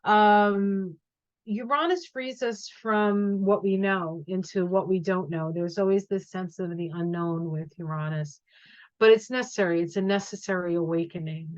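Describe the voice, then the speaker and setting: A woman's voice: lowish voice, no room sound, muffled recording. A middle-aged woman talking casually through an astrology forecast, thinking aloud with frequent ums and restarts. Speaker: astrology and tarot reader. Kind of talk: casual astrology talk to camera.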